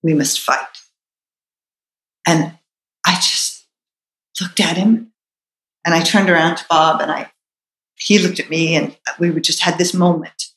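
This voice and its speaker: A woman's voice: on the low side, fairly even intonation, unhurried, long pauses, a bit bright, echoey room, low-quality recording. A middle-aged woman telling a personal story in a reflective, earnest way, with hesitant restarts.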